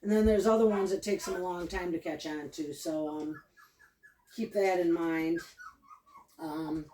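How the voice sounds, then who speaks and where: A woman's voice: on the low side, steady tone, a little slow, dark tone. A woman dog trainer giving a loose, chatty lesson at home, often repeating cues and praise to her dog. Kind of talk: casual training demonstration. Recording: echoey room, mic at a distance.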